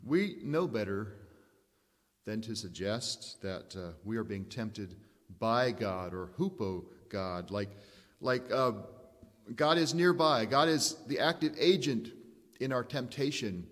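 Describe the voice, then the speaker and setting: A man delivers a sermon at an unhurried, deliberate pace. He leans on emphasis and rhetorical questions, and his voice rings out with the long reverb of a hall. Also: medium pitch, lively intonation, fairly bright tone. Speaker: preacher.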